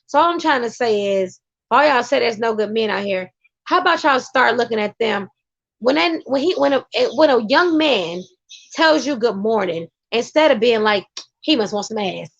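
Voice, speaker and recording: Woman vlogger, high and excitable, speaks in emphatic bursts; the recording is dull and lo-fi. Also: moderate pace, creaky. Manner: emphatic, excitable, talks to her partner off-camera. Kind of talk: casual commentary.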